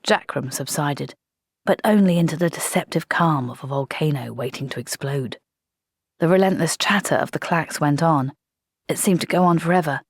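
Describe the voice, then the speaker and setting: A woman reading a comic fantasy audiobook in a measured, dramatic narration. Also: sits low, breathy edge, dry recording, studio quality.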